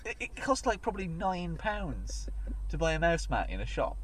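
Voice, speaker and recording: A man's voice: a little high, big pitch swings, normal speed, very noisy. A man co-hosting a podcast in casual chat, often breaking into laughter. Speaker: podcast co-host.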